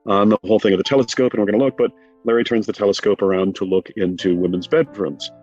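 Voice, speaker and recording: Animated middle-aged man, low voice. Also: husky, muffled recording, faint music behind. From United States. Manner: animated, rapid asides, mock quotes. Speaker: guest, film scholar. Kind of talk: conversational interview.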